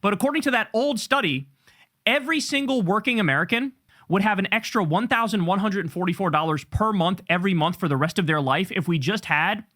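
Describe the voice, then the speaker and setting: Man, political host, heated profane rant, high pitch, bright tone. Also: lively intonation, brisk.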